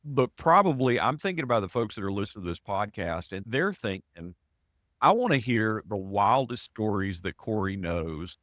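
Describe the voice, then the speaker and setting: A male podcast host asks questions with eager enthusiasm, his low voice swinging widely in pitch. He is recorded close and dry. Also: big pitch swings, moderate pace, a bit bright, dry recording. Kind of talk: conversational interview.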